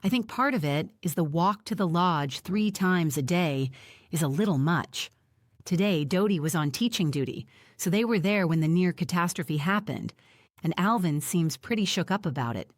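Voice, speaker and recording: Woman, audiobook narrator, first-person, low-ish voice, dry close mic. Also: lively intonation, normal speed, no room sound.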